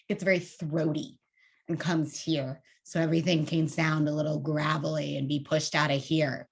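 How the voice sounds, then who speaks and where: A woman vocal coach leading a public speaking workshop, demonstrating breathing in an animated, conversational way. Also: fairly low pitch.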